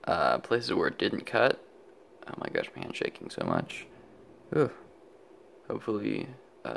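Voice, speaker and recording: A man's voice: low-pitched, creaky, a little hiss or hum. A young man rambling casually about his electronics build, sleepy and often stopping himself mid-thought, recorded on a handheld camera at home. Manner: rambling, self-interrupting, sleepy and yawning. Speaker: electronics hobbyist vlogger. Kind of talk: rambling casual show-and-tell.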